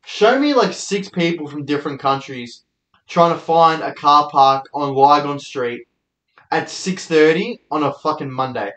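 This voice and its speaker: Young Australian comic host, casual swearing storyteller, slightly high voice, roomy sound. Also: male voice, lively intonation, measured pace, fairly bright tone. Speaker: podcast host and comedian. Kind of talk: solo storytelling monologue.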